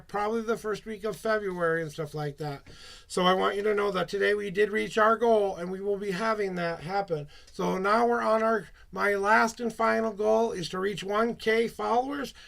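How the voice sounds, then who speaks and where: A man's voice: high voice, vocal fry, bright, forceful tone. A man reading tarot on a live stream, chatty, rambling and upbeat as he talks to his viewers.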